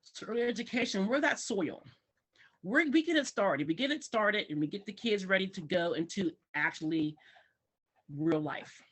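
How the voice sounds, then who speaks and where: Husky and mid-range, this woman's voice moves at a moderate pace. An early childhood educator appearing on a talk show, she lively plays the parts of parents and kids using exaggerated voices.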